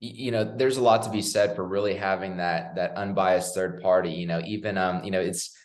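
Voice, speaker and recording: A man's voice: low voice, fairly even intonation, a little fast, roomy sound. A man hosting a podcast interview, asking long, hesitant questions full of "you know". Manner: hesitant, many "you know" fillers and restarts. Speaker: podcast host.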